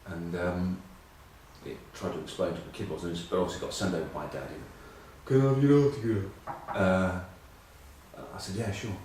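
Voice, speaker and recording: A man's voice: low-pitched, fairly even intonation, fairly quick, very echoey, recorded from a distance, a little hiss or hum, poor audio. A middle-aged English man telling rambling, self-mocking rugby stories in casual chat. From England. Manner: rambling, self-mocking anecdotes with many ums. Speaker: rugby pundit.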